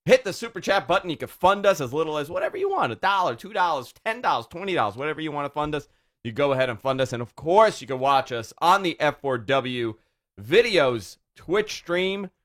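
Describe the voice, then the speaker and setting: A man hosts a casual wrestling podcast. He rambles in a loose, joking way with plenty of restarts. His voice sits at an ordinary pitch for a man. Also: fairly bright tone. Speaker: podcast host.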